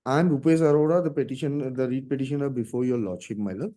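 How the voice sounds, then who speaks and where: A man's voice: mid-range voice, fast, dark tone. A man arguing a case before a judge in a formal, deferential manner, reading documents aloud. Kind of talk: courtroom argument.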